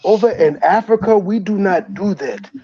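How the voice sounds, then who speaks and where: A man's voice: high-pitched, moderate pace, warm tone, slightly rough, dry recording. A man putting on a stern African-accented voice to lecture and scold someone. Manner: lecturing, preachy. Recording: dull lo-fi stream audio.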